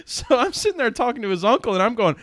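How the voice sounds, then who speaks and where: A man's voice: extremely high pitch, sing-song, rapid-fire, fairly bright tone, no echo, clean studio sound. A man who hosts a podcast, telling a rambling, folksy story and laughing often. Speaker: podcast host.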